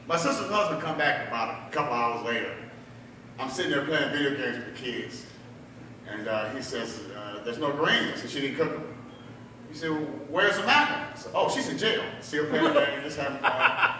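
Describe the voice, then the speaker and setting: A man's voice: medium pitch, animated, normal speed, bright, forceful tone, a little hiss or hum. A man telling a stand-up story at a bar open mic, acting out his family members' voices, with audience laughter behind him. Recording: echoey bar room, mic heard from a distance.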